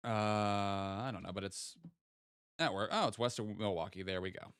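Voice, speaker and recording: A man's voice: lowish voice, normal speed, fairly bright tone, clear, resonant tone, dry recording, clean studio sound. A man streaming a geography guessing game, thinking aloud and playfully teasing his chat as he goes. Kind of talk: casual live-stream game commentary.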